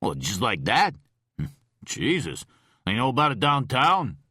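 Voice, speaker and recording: A man's voice: medium pitch, wildly swooping pitch, unhurried, sharp tone, breathy edge, no echo, clean studio sound, pitched above the performer's own voice, full character voice. A man playing a placating, easygoing police detective. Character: placating middle-aged male police detective.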